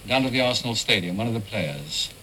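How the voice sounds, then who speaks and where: A man playing a dry, deadpan police sergeant in a 1930s film. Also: lowish voice, fast, slight background noise, low-quality recording.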